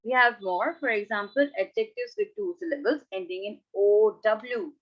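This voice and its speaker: A woman teaching an English grammar lesson online, repeating words slowly and checking in with "right?" and "okay?". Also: medium pitch, expressive, muffled recording.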